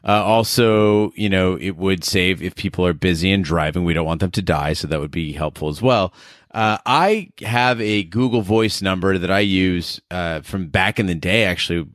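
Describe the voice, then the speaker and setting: Deep-voiced man in dry casual chat. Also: no room sound. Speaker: podcast co-host.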